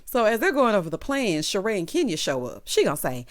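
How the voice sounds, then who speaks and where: A woman giving a sassy, gossipy commentary on a reality TV episode, breaking into loud laughs. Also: mid-range voice, sing-song, fast. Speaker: reality TV recap host. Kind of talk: casual recap commentary.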